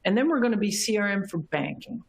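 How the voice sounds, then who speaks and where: A middle-aged woman giving a conference keynote, telling a business story in a lively way, laughing often and acting out the people she quotes. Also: mid-range voice, fast, vocal fry. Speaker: keynote speaker.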